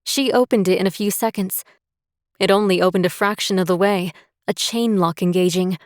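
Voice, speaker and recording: A woman narrating a romantic suspense audiobook in a steady, measured way. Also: mid-range voice, no room sound, studio quality. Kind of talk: scripted narration.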